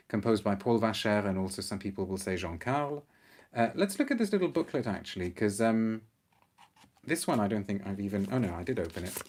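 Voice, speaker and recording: Middle-aged guy on a live stream, lowish voice, chatty and animated, reading out viewer comments. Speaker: perfume reviewer, show host. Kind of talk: unscripted live-stream review.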